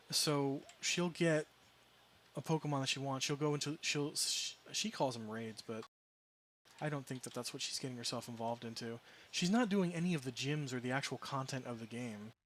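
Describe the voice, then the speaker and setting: A man's voice: medium pitch, fairly bright tone. A man casually chatting as a game streamer, rambling through a story with restarts and amused asides. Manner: rambling, self-correcting, amused.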